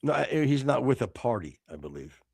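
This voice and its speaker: Gravelly lively-voiced man joking crudely. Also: mid-range voice, a little fast, no echo, clean studio sound. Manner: crude joking, laughs often, stammers. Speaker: podcast co-host. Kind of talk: casual live-stream chat.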